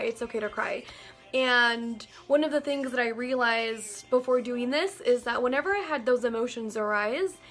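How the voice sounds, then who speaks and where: A woman talking earnestly and gently in a casual, heartfelt monologue to camera, often saying "like" and "you know". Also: fairly high pitch. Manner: earnest and gentle, with many likes and you-knows. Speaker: vlogger sharing personal reflections.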